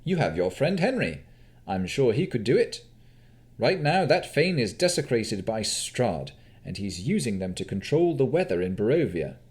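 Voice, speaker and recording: A man's voice: mid-range voice, moderate pace, natural voice. A man voicing a cheerful, playful male winter fae prince in an audiobook. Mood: urgent. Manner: animated and theatrical. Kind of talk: audiobook character voice.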